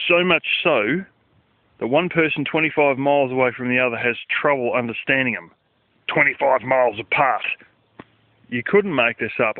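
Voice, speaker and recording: A man's voice: medium pitch, no room sound. A man, talking casually in a rambling vlog, swearing and using lots of fillers, recorded outdoors at night. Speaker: vlogger. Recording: dry, phone-like lo-fi sound.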